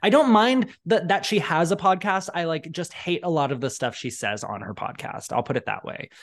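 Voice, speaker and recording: A man co-hosting a podcast, gossiping in an animated way and mocking others in quoted voices. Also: fairly high pitch, moderate pace. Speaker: podcast host. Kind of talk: casual chat.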